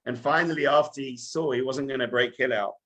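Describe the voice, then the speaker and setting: A man teaching as a rabbi in a lively sermon, telling stories and speaking straight to his listeners. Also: medium pitch, brisk. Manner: animated storytelling, addresses listeners directly.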